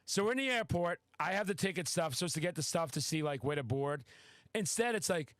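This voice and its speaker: A man with a high voice tells a story on a podcast, excitable and quick to swear. The sound is dry and close to the mic. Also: dry recording. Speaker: podcast host. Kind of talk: casual podcast chat.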